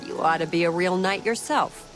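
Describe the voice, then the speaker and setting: A woman's voice: lowish voice, moderate pace, music in the background, lightly acted. A woman voicing a blunt, earnest female orc knight in a video game, speaking in plain, simple sentences.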